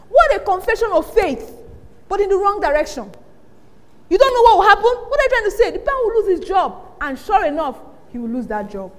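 A high-voiced woman preaches in a hall with a long, ringing reverb. She tells stories in lively bursts and acts out the voices of the people she quotes. Her delivery swings between hushed asides and loud punchlines. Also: brisk. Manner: animated storytelling, acting out quoted voices, frequent laughter. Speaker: pastor. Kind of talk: sermon.

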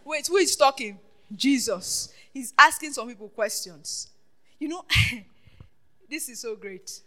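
A woman preaching a sermon, questioning her congregation and swinging between loud declarations and hushed asides. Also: high voice, expressive, slow pace. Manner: call-and-response questioning the congregation.

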